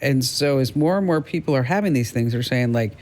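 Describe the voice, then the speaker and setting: A man with a New York accent hosting a casual tech news chat, playful and quick to laugh, drawing out words for effect. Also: medium pitch, lively intonation, a little mellow. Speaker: host.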